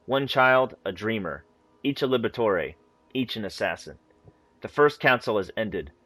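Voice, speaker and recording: A man with a mid-range voice reads game lore aloud in a steady, measured way. The sound is dry and close, with almost no room in it. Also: medium pitch, no room sound. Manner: steady, measured reading with a few casual asides. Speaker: gaming channel host. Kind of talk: reading in-game text aloud.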